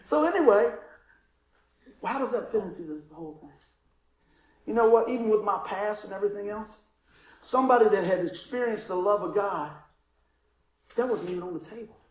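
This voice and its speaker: A man's voice: sits high, expressive, moderate pace, long pauses, echoey room, poor audio. A man preaching as a pastor, telling a story with frequent chuckles and acting out the people in it. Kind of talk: storytelling sermon.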